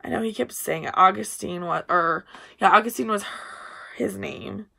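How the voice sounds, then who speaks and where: A woman's voice: medium pitch, normal speed, vocal fry, bright, forceful tone, husky. A young woman in a casual book review vlog, chatty and gushing, often trailing off mid-sentence while talking to her camera. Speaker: book vlogger.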